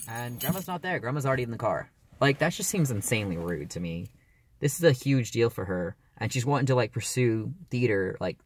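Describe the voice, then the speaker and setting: A man in his early twenties talking casually in a personal vlog, rambling and hesitant with lots of fillers. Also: medium pitch. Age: early 20s. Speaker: vlogger.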